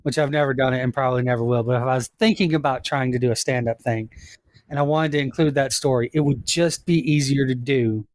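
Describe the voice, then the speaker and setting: A man's voice: medium pitch, steady tone, fast talker, dry recording. A man co-hosting a casual podcast in a laid-back, profane way. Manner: laid-back, swears freely. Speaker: podcast co-host. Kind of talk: casual chat.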